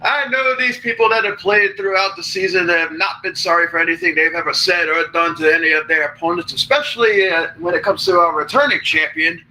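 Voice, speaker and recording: A man runs a game show with a joking, teasing manner. His voice is bright and sits a little high for a man. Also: a little fast, few pauses, rough recording. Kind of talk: playful game show hosting.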